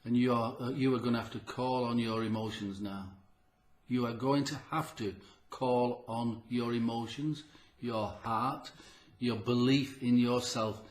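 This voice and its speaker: A man's voice: medium pitch, fairly even intonation, measured pace, roomy sound. A man giving an earnest, emphatic motivational talk to camera about his health, repeating key phrases and sounding short of breath. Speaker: health vlogger.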